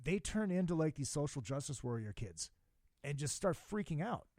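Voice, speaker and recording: A man's voice: fairly high pitch, very animated, moderate pace, a little mellow, dry recording, studio quality. A man from Minnesota with a slight Minnesota accent, hosting a podcast in an easygoing, agreeable way. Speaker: podcast host. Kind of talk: casual podcast chat.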